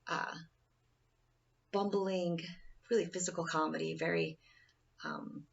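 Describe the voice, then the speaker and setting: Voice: mid-range voice, fairly even intonation, takes it slowly, gravelly, husky, lo-fi sound. A person giving an informal presentation speech in a rambling, casual way, often restarting sentences, recorded from a distance.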